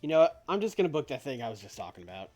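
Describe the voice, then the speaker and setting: Lively male streamer, jokey and rambling, soft music underneath. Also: mid-range voice, rapid-fire. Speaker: streamer playing a wrestling booking game. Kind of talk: casual gaming commentary. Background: faint background music.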